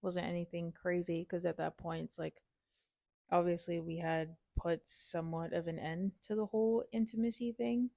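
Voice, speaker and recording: Young woman with a gravelly low voice. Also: steady tone, moderate pace, dark tone, dry recording, clean studio sound. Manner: frank, reflective, casual. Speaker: podcast co-host. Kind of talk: casual chat.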